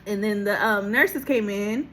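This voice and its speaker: A woman recording herself on her phone, telling a personal story in a casual, animated way, laughing often and acting out what people said. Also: mid-range voice, a little slow, a little hiss or hum. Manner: animated, laughing, acts out quotes, casual swearing. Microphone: phone camera.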